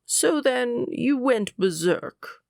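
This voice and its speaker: A woman voicing a stern male school official who speaks in a cold, condescending, lowered voice. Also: expressive, slow pace, gravelly, dry recording, studio quality, exaggerated voice. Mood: scornful.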